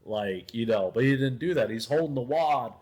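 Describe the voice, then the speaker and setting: A man's voice: mid-range voice, animated, normal speed, a little mellow. A young man co-hosting a podcast in casual chat, telling rambling, profane stories that often drop to a mutter. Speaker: podcast co-host.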